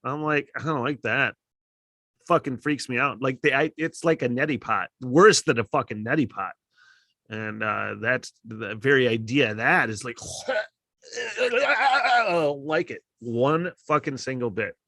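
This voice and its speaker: Man, middle-aged, podcast host, profane, rambling, gets loud, dry close mic. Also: mid-range voice, normal speed, vocal fry, no room sound. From Michigan. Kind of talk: casual solo podcast rant.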